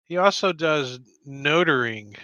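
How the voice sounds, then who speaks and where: A male dungeon master narrates a tabletop game in a relaxed, rambling manner. He talks slowly, and his pitch moves a lot. The sound is dry and close. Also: clear, resonant tone, no echo, highs cut off.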